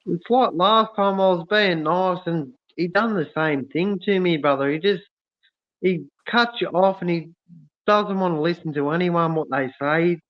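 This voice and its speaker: A man hosts a casual livestream, reading comments aloud and greeting viewers with effusive warmth. His voice sits a bit high and comes through thin and tinny, like a phone line. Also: a little slow. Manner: warm, effusive, calls everyone mate and brother. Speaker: livestream host.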